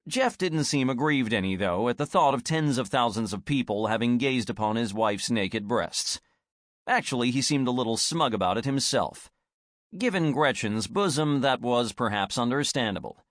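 Animated male audiobook narrator. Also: medium pitch, normal speed, no room sound, studio quality. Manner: expressive, animated storytelling. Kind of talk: scripted narration.

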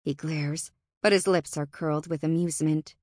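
A woman narrating a first-person fantasy audiobook in an expressive, tense and dramatic manner. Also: sits low, moderate pace, no echo, clean studio sound.

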